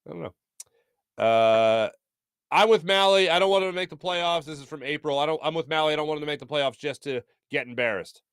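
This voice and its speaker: A man's voice: a little high, fairly quick, clean tone, dry recording, clean studio sound. A man in his thirties hosting a live sports talk show, reading out viewer comments in a playful, joking way. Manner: playful, animated, jokey.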